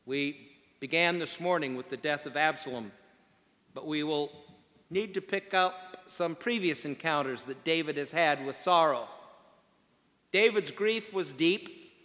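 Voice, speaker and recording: An older male pastor opens his sermon in an easy, conversational way, stumbling and restarting often. His voice sits slightly high for a man. Long reverb from the sanctuary follows each phrase. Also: a bit bright. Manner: conversational, halting with fillers. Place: church sanctuary.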